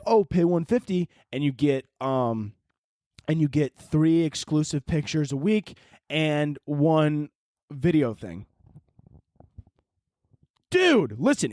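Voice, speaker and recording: A man's voice: fairly high pitch, dry recording, studio quality. A young man hosting a podcast, ranting casually with lots of swearing and restarts. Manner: profane, animated, rambling with restarts. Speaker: podcast host. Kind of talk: casual rant.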